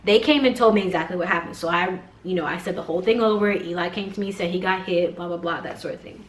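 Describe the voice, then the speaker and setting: A woman, a mother and vlogger, telling a personal story in a chatty, casual way full of fillers and animated retellings. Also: on the low side, quick pace, roomy sound.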